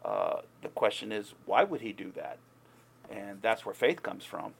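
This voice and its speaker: A man's voice: lowish voice, huge pitch swings, measured pace, creaky, breathy edge. A man preaching an informal sermon in a conversational way, growing heated and emphatic as he goes. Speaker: pastor.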